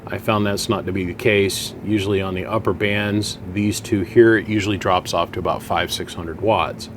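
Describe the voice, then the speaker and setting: A man's voice: low voice, fairly even intonation, moderate pace, noisy background. A man in his home workshop, talking through radio gear in a folksy, chatty way and thinking aloud as he explains. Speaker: radio equipment hobbyist. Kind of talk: casual workshop vlog.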